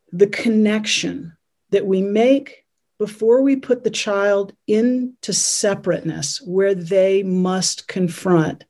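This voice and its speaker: A woman's voice: mid-range voice, mellow. A woman parenting consultant speaking as an interview guest, earnest and telling stories about her clients. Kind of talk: conversational interview.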